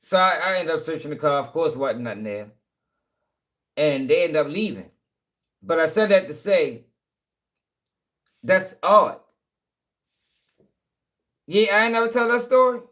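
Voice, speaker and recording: A man's voice: on the high side, animated, a little slow, long pauses, a bit bright. A man telling a long, rambling story in casual talk, full of swearing and check-ins with his listeners. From Baltimore, USA.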